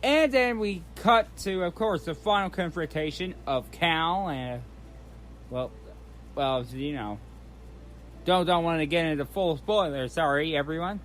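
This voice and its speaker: A man's voice: fairly high pitch, measured pace, a bit bright, a little hiss or hum. A man hosting his channel, recapping in a casual, rambling way, often restarting and repeating himself. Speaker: channel host recapping a trailer.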